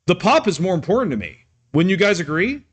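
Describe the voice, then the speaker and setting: A man talking off the cuff on his live stream, ranting and yelling at times, with many restarts and fillers. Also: high voice, sing-song, fast, breathy edge.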